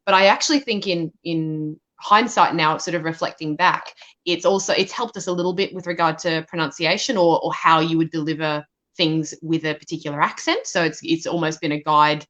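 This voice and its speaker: A woman's voice: low voice, fairly even intonation, brisk, a bit bright. A woman, assistant director and narrator, answering questions at a live Q&A in a thoughtful way, often restarting her sentences. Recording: dull lo-fi sound.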